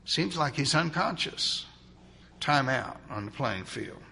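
Husky man narrating a dramatic story. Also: a little high, moderate pace. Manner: dramatic, swinging from loud to hushed.

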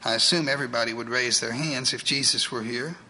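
A man preaching a morning sermon, emphatic, with rhetorical questions and dramatic pauses. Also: mid-range voice, sharp tone, low-quality recording. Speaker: pastor.

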